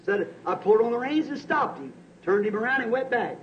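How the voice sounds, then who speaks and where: Man preaching, real high voice, hushed one sec then shouting, muffled old tape w/ faint hiss. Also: animated, fairly quick. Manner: emphatic, swings from hushed to shouting; storytelling with repeated "said". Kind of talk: sermon. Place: church service.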